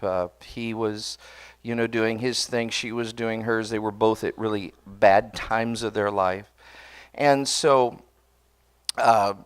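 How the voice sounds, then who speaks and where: A man's voice: on the low side, clear, resonant tone. A pastor telling a personal story in a sermon, conversational and earnest, often restarting his words and speaking straight to the congregation. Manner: addresses the congregation directly.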